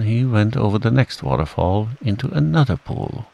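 A man calmly reading a bedtime storybook aloud, in a soothing manner. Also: fairly low pitch, normal speed, gravelly. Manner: calm, soothing. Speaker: narrator.

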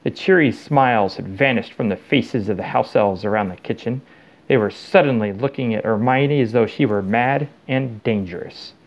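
A man reading a storybook chapter aloud to his child in a steady, plain way. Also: mid-range voice, moderate pace.

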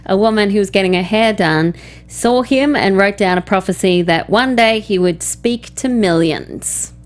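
A woman co-hosting a film podcast, easygoing and conversational. She reads out comments and trivia in a middle-pitched voice and laughs often along the way. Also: moderate pace. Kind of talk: casual chat.

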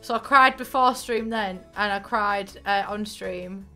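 A woman's voice: mid-range voice, a little slow. A woman streamer chatting casually at the end of a stream, tearful and emotional, rambling and poking fun at herself. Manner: chatty, self-mocking, rambling with restarts. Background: soft game music.

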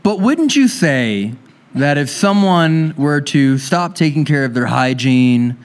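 A man's voice: on the high side, animated, slow, smooth. A man co-hosting a live show, arguing through escalating absurd scenarios in a debate game. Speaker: podcast co-host. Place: live event before an audience.

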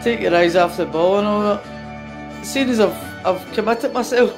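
Scottish woman, blunt and sweary, slow gravelly home karaoke over backing music. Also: mid-range voice. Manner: sweary, blunt, self-mocking. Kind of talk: karaoke singing at home with chat. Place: home, sitting on a couch.

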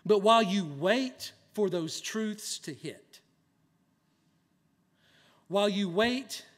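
Slow, earnest preacher man. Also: sits high. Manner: earnest, swings from soft hush to loud emphasis. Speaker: pastor. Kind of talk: sermon.

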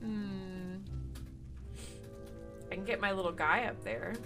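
A woman's voice: medium pitch, takes it slowly, over music. A woman streamer giving casual commentary as she plays a game, swearing freely and bursting into laughs and shrieks of surprise.

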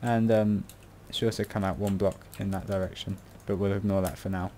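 Giving loose commentary on a building tutorial, a British game tutorial creator mutters and rambles, throwing in self-mocking asides. His voice sits low and mellow, delivered flatly and a little fast, over slight background noise.

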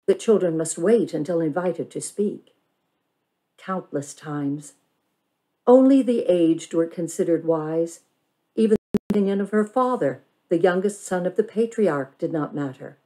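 A woman reads a children's novel aloud, her voice lower than most and soft, warm and mellow. She paces the story carefully and gives it expression. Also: expressive, unhurried, rough recording. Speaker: reader.

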